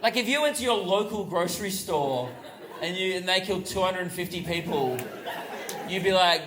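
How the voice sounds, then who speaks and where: High-voiced Australian stand-up comic. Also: male voice, moderate pace. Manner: chatty, crowd-work banter with acted-out voices. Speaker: stand-up comedian. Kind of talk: stand-up comedy. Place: large theater stage. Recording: roomy live theater sound, loud crowd noise. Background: audience laughter.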